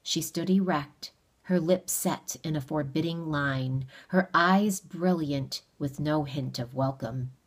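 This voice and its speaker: A woman reading a novel aloud in a steady, measured storytelling manner. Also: low voice. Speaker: audiobook reader. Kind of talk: read-aloud narration of a novel.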